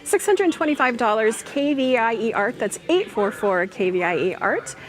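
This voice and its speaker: A fairly high-voiced woman hosts a televised art auction from a studio. She is upbeat and keeps repeating the current bid and the number to call. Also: big pitch swings, moderate pace. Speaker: auction host.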